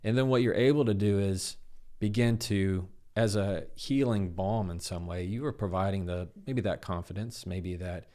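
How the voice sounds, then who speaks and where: A man's voice: low-pitched, moderate pace. A man in his thirties, a guest on an interview show, explaining how to handle difficult conversations and acting out quoted dialogue. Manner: animated, acts out quoted dialogue. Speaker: guest, communication expert.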